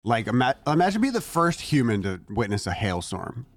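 A young man chatting casually on a podcast, a relaxed storyteller who keeps saying dude. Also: mid-range voice, a little fast, no echo. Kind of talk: casual group chat.

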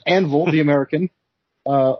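A man's voice: a little high, moderate pace, slightly rough, no echo. A man co-hosting a podcast, chiming in with wrestling trivia and quips in casual chat. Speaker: podcast co-host. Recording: dull lo-fi sound.

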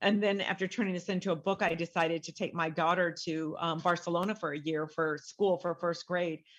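A woman's voice: lowish voice, fairly even intonation, brisk, highs cut off. A middle-aged woman, a guest author, telling her story in a casual interview and animatedly acting out the voices she quotes.

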